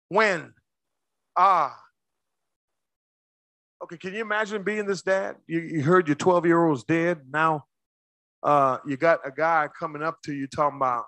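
A male preacher delivers an unhurried sermon with long pauses, his high, bright voice moving between booming shouts and near-whispers though his intonation stays fairly even. He calls out to the congregation, recorded close and dry.

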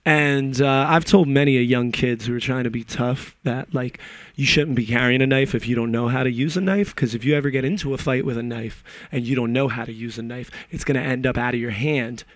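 A man's voice: mid-range voice, fairly even intonation, a little fast, no echo. Profane, opinionated man ranting on a podcast. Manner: profane, opinionated, digressive storytelling. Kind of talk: casual podcast rant.

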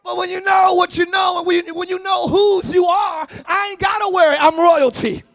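A man preaching a sermon as pastor, often shouting. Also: extremely high pitch, steady tone, moderate pace, dry recording. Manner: shouting, sing-song preaching with call-and-response. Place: church service, before a congregation.

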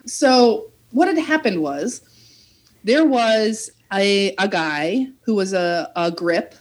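A young woman in the middle of a story on a casual chat show. She talks in a lively, animated way, acts out everyone's lines and swears freely, with a voice of middling pitch. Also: takes it slowly. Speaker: podcast host telling a story.

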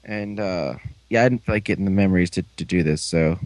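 A man's voice: low voice, a little mellow, no room sound, rough recording. Guy rambling thru a show recap, does goofy little character voices, dry no-room sound. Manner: rambling, acts out characters' lines in quick put-on voices. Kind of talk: casual episode recap.

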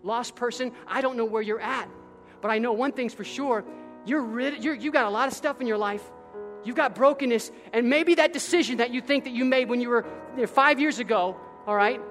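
A man preaching a sermon as pastor, swinging from quiet, intimate passages to near-shouted, impassioned climaxes. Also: very high voice, fairly quick, in a large hall, soft background music.

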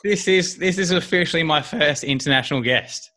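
Bright, chatty podcast host. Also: male voice, fairly high pitch, fairly quick. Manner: chatty and upbeat, with many fillers. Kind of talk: casual podcast interview.

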